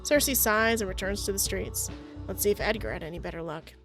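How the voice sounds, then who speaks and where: A woman reading a visual novel aloud, voicing its characters herself and stopping to chat about the game. Her voice jumps up in pitch when she exclaims. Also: brisk, a bit bright, soft background music. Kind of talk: casual reading and commentary on a game.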